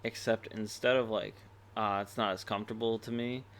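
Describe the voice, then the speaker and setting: A young man in his twenties co-hosting a podcast, rambling and poking fun at himself, with loud bursts when he jokes. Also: fairly low pitch, level tone, normal speed. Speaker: podcast co-host. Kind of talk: casual chat.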